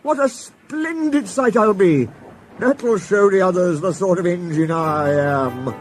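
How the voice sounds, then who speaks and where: A man's voice: sits high, big pitch swings, fairly quick, soft background music, pitched above the performer's own voice. Man doing a jealous boastful engine. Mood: gloating. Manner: boastful, sniffy.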